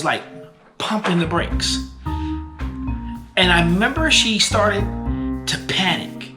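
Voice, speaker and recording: A woman vlogger telling a family story in a casual, animated way, full of fillers and restarts. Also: fairly high pitch. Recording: echoey room with music behind.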